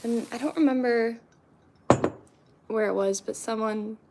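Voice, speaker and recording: A woman's voice: a little high, fairly even intonation, a little slow, heavy background noise. A young woman from Florida chatting casually to her viewers, rambling with lots of fillers and restarts. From Central Florida, US. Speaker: vlogger. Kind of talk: casual chat to camera.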